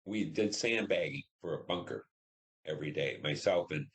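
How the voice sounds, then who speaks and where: A very deep-voiced veteran from Detroit, Michigan, now in his seventies, recounts war memories in an oral history interview. He speaks haltingly and reflectively, with many fillers.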